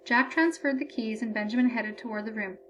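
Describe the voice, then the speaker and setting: A woman reading a story aloud as audiobook narration, steady and even-toned. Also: on the high side, fairly quick, highs cut off, a little hiss or hum. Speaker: audiobook reader.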